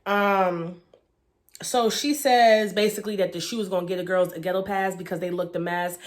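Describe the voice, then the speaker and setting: A woman's voice: lowish voice, fairly even intonation, moderate pace. Woman, young adult, casual profane vlog recap, chatty, frank. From Baltimore, Maryland. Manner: blunt, profane, chatty with many fillers. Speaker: reality show reviewer.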